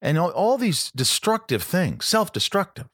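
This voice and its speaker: Rambling, profane podcast host. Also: male voice, moderate pace, no room sound, clean studio sound. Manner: rambling and profane, with sudden high excited bursts. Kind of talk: casual podcast chat.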